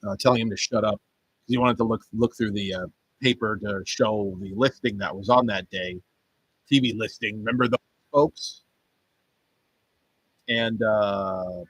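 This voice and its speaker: A man's voice: fairly low pitch, a bit bright, breathy edge, dry recording, rough recording. A man hosting his own stream, rambling casually with frequent swearing. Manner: rambling, swears and laughs often. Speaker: stream host.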